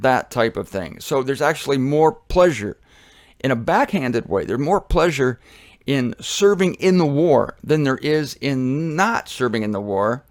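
A man giving a sermon in an animated, conversational way, often acting out voices. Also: mid-range voice, measured pace, no room sound, clean studio sound. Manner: animated, conversational, acts out quotes.

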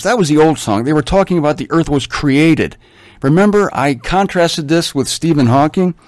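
A man teaching through a Bible passage in a conversational, animated way, with wry asides and humor. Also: mid-range voice, no room sound, clean studio sound.

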